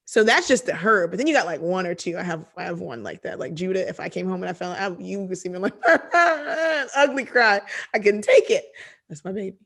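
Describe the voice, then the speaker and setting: Animated woman teaching a Bible study. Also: fairly low pitch, fast, vocal fry. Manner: animated, chatty asides, reads scripture then explains.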